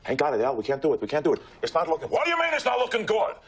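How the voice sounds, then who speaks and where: A Welsh man doing a raspy, hot-tempered tough-guy impression, swinging between mutters and barks. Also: fairly high pitch, huge pitch swings, very fast, voice pushed up. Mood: heated. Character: hot-headed gravelly American tough-guy, middle-aged male. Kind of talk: comic impression at a dinner table.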